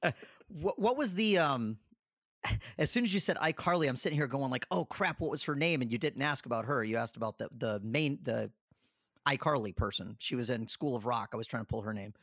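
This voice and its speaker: A man's voice: medium pitch, brisk, a bit bright, dry recording, studio quality. A man playing along on a trivia podcast, thinking aloud in a chatty, self-deprecating way. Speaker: trivia contestant.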